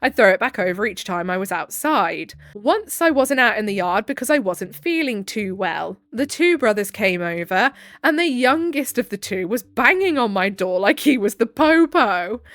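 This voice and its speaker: A woman's voice: medium pitch, expressive, moderate pace, a bit bright, no room sound. A woman narrating online stories aloud, breaking in with sarcastic asides and frequent laughter. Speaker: story narrator. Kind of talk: reading online stories with commentary.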